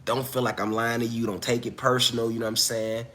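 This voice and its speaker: A man's voice: mid-range voice, little pitch movement, quick pace, fairly bright tone. Loose-talking man livestreaming, slangy and direct. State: coughing, recovering from illness. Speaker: livestream host. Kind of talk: casual livestream chat. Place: at home.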